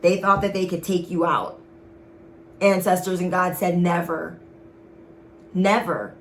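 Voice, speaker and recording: A woman's voice: on the low side, little pitch movement, moderate pace, slight background noise. Sassy, emphatic woman tarot reader. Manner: emphatic, sassy, speaks directly to viewers. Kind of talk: casual tarot reading to viewers.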